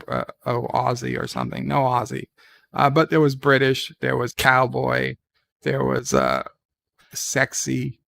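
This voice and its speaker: A man's voice: mid-range voice, creaky, a bit bright. A man giving a casual, rambling recap of a TV episode, full of fillers and restarts. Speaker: show reviewer.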